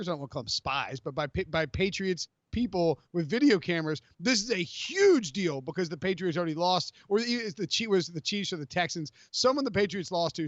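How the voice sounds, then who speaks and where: A man hosting a sports podcast in casual chat, animated and rambling, full of fillers and self-corrections. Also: sits high, no room sound. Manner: animated, rambling, jokey with many fillers and restarts. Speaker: podcast host. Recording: dry, slightly dull podcast audio.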